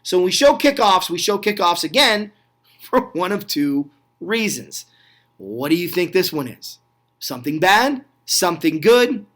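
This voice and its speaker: A man giving casual play-by-play voice-over on old football clips. He talks in an excited, chatty way, asks the viewer questions, and makes small slips and corrections. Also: high voice, unhurried. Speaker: host of a retro football review channel.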